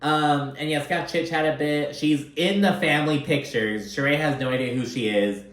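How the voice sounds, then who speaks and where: A man's voice: a little high, normal speed. A man casually recapping a reality TV episode, chatty and profane, often acting out what people said. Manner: profane, animated, chatty, often acts out quotes. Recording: echoey room.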